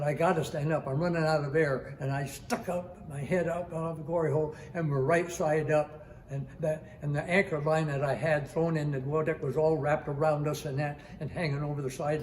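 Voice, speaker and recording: An elderly man in his nineties recounts a dramatic rescue at sea as a personal story, his voice sitting a little high for a man. He tells it vividly, repeating phrases for effect and imitating the sounds he describes. A faint hiss of background noise runs under his voice. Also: darkish tone. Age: 90s. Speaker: retired Coast Guard master chief telling a rescue story.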